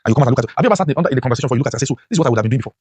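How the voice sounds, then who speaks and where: Man, motivational class lecture, very fast talker, rhetorical questions, sudden high-pitched emphasis. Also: lively intonation, a little mellow, husky, no echo, lo-fi sound. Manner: preachy, full of rhetorical questions; voice leaps up sharply when stressing points. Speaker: motivational teacher.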